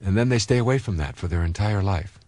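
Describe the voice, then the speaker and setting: Man in his fifties, low voice, lively swings in pitch, self-help lecture, chatty anecdotes, frequent ums and restarts. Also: quick pace, no echo. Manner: animated storyteller, many fillers and restarts. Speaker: self-help author and speaker. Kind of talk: conversational motivational lecture with personal anecdotes.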